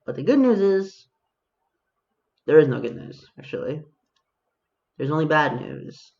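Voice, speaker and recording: A man's voice: fairly high pitch, very animated, a little slow, darkish tone, dull audio. A man giving casual, self-mocking commentary over his own gameplay as a video host, talking to himself and his viewers.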